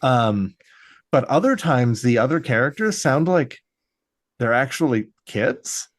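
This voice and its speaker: A man's voice: medium pitch, very animated, measured pace, dry recording, clean studio sound. Rambling male podcast co-host. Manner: rambling, full of fillers and restarts. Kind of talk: casual chat.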